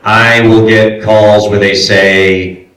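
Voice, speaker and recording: A man and voice actor giving a convention panel talk, animated and acting out quoted directors and clients. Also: on the low side, takes it slowly. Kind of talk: casual panel talk with audience questions. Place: convention hall. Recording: echoey hall, voice picked up from far off.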